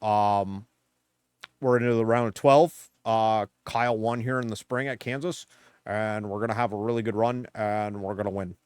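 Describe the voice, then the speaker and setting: A nasal-voiced man doing a loud, bragging impression of a confident male racing crew chief. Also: lowish voice, steady tone, normal speed, smooth, no room sound, natural voice. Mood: boastful. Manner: loud, bragging, matter-of-fact report.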